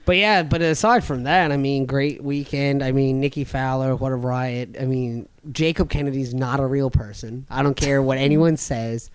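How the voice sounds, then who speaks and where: A man's voice: medium pitch, fairly even intonation, normal speed, few pauses, clear, resonant tone. A young man, co-hosting a podcast, telling a long story in a casual, profane, often laughing way. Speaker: podcast co-host.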